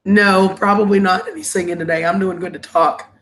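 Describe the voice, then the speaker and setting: A woman's voice: mid-range voice, fairly even intonation, a little fast, fairly bright tone. A woman hosting a casual live stream, congested and sniffly with a cough, greeting viewers with endearments over a laptop microphone.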